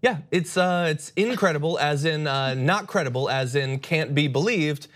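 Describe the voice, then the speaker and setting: A man's voice: a little high, moderate pace. Dry, sarcastic man introducing a clip. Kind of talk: scripted segment intro.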